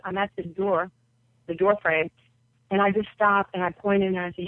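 A woman's voice: mid-range voice, level tone, moderate pace, dry recording. Woman, from New York, basketball coach, guest storyteller, acts out quotes, tinny phone line, dry. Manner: vivid storyteller who acts out quoted voices. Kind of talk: personal storytelling in an interview.

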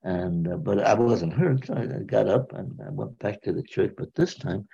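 A gravelly, husky old man in his nineties from the United States tells a war story haltingly, circling back and repeating himself as memories surface. His voice sits low and the recording is dull and lo-fi. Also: dark tone. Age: 90s. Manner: halting, rambling, repeats words as he recalls. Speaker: war veteran interviewee. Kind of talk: spoken personal storytelling. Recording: dull lo-fi sound.

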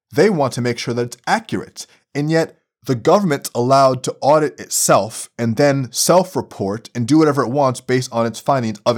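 A young man hosting a podcast, delivering an essay-style commentary in an animated, profane way that swings from low mutters to loud outbursts. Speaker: podcast host.

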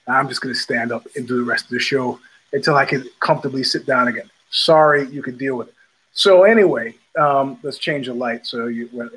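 A man's voice: mid-range voice, fairly bright tone, slightly rough, rough recording. A man hosting his own show, telling stories in a blunt, profane, casual monologue and repeating phrases for emphasis. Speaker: podcast host.

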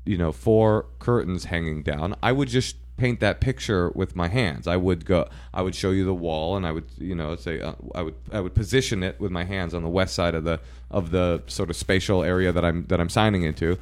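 A man's voice: low voice, a little fast, few pauses. A man telling stories in a casual chat, acting out the people in them and swearing freely. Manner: animated storyteller, acts out voices and swears.

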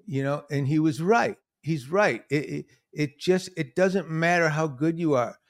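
A man with a fairly high-pitched voice hosts a podcast in a relaxed, conversational style. He tells stories with animation and slips into other voices whenever he quotes someone. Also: a little slow. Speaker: podcast host. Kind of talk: casual conversation.

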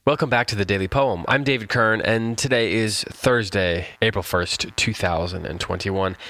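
Low-voiced man hosting a poetry podcast. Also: fairly bright tone. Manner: playful, mock-grand enthusiasm. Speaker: podcast host.

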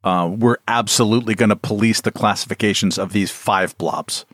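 A man with a lowish voice chats casually on a podcast, recorded close and dry with no room sound. He drops wry remarks with pauses and fillers in between. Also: steady tone, a bit bright, dry recording. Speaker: podcast co-host. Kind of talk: casual chat.

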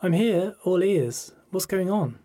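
A man's voice: sits high, lively intonation, mellow, pitched above the performer's own voice, exaggerated voice. A man doing a blunt, caring young woman. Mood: casual. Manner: quick, concerned, slightly panicked.

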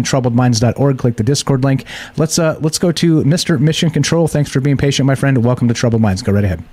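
A man's voice: mid-range voice, a little mellow, no room sound. A man hosting a late-night call-in radio show, chatting easily with callers. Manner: easygoing, quick banter with callers.

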